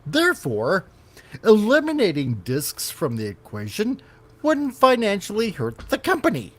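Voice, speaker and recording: A man's voice: high voice, wildly swooping pitch, a little slow. A man hosting a casual podcast, reading gaming news with rambling, self-correcting sarcastic asides. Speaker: podcast host.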